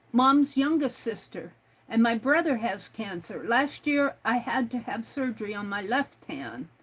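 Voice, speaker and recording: Lady crafting on a live stream, kinda high voice, slow easygoing talk, reads chat out loud. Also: poor audio. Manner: thinks aloud, reads chat messages out. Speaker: crafting livestream host. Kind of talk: casual chat while crafting.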